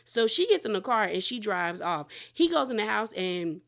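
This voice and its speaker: A woman's voice: medium pitch, very animated, moderate pace, vocal fry, a bit bright. A woman hosting a casual reality TV recap, talking in a candid, outspoken way with gossipy asides. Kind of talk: casual spoken recap and commentary.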